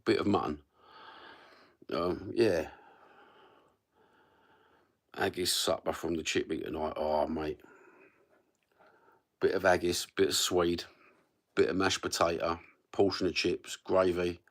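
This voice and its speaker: Unhurried and pausing often, a middle-aged livestream host with an East London accent chats away in a low, even voice. The ramble is casual and friendly, full of swearing and slang.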